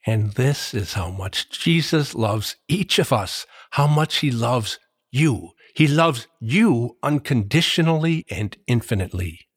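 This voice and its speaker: A man giving a slow, earnest Catholic devotional reflection, reading scripture verses aloud. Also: medium pitch, lively intonation, husky, no room sound, studio quality. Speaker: Catholic preacher.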